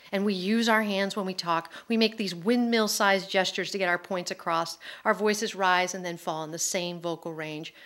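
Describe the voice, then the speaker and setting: A middle-aged woman speaking to an audience about her own life, candid and emotional, her words tumbling out quickly. Her voice sits a little low for a woman. She tells the story as it comes to her, unscripted and heartfelt. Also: fairly even intonation, a bit bright. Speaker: author speaking at a public forum. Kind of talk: personal storytelling talk.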